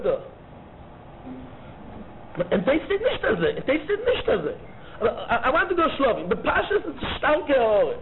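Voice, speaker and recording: High-voiced man giving a lively Talmud lecture. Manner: animated, argues both sides of the case, repeats key phrases. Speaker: Talmud teacher. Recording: tinny phone-like line with faint noise.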